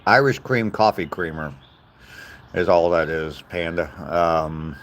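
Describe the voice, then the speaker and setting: A man's voice: low voice, slow pace, fairly bright tone. An older man chatting casually on a livestream while walking outdoors, greeting viewers by name and chuckling at their comments. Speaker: livestreamer reading viewer chat. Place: outdoors on a walk.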